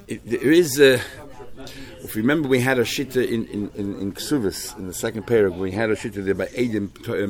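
A man teaching a Talmud class in English, mixing in many Hebrew and Yiddish terms and often restarting his sentences. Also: mid-range voice. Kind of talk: Talmud shiur, explaining texts.

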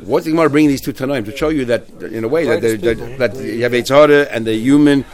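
A man teaching a Talmud class, retelling stories in a lively, halting way with many restarts. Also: mid-range voice. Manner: animated storyteller, many restarts and fillers.

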